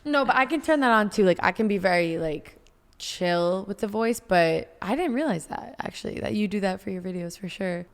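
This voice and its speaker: A woman hosting a podcast in casual chat, candid and quick to swear. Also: mid-range voice, animated. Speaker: podcast host. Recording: room with long reverb.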